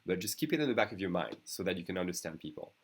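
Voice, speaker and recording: A man's voice: deep voice, sing-song, rapid-fire, slight background noise. A man with a French accent, a native speaker teaching a beginners' language lesson online, patiently repeating each phrase.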